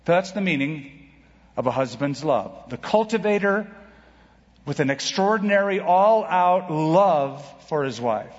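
A man delivers a sermon with emphatic, dramatic pauses and sudden leaps in pitch. His voice sits fairly high for a man. It rings with long hall reverb on a dull, muffled recording. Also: expressive. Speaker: pastor.

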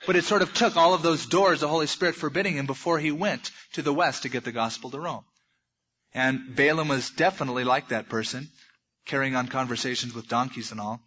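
Husky, forceful preacher man. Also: mid-range voice, fairly quick, dull audio. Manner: folksy storytelling with humorous asides. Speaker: pastor. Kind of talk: sermon.

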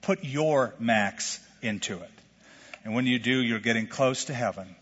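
A middle-aged male pastor preaching a sermon in a lively, conversational way, full of questions to the congregation. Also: medium pitch, measured pace, breathy edge. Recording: lo-fi sermon recording with long hall reverb.

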